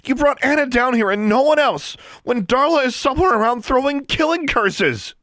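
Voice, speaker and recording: A man's voice: mid-range voice, animated, normal speed, dry recording, clean studio sound, voice pushed up, close to an everyday voice. A man voicing a hurt but commanding young witch who gives orders. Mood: urgent. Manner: forceful, commanding.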